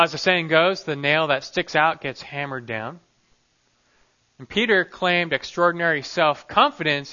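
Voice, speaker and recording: A man's voice: on the high side, sharp tone, highs cut off. A man preaching a sermon on a Bible passage, emphatic and full of rhetorical questions.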